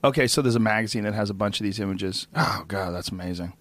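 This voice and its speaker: A man's voice: lowish voice, fast talker, a bit bright, no room sound. A man hosting a podcast and chatting casually, with a teasing, joking manner. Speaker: podcast host. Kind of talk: casual conversation.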